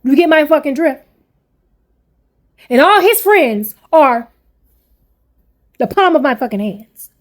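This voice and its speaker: Angry, high-voiced woman venting bluntly. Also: very animated, slow pace, pauses often. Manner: blunt, heavy swearing, repeats herself. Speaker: parent vlogger.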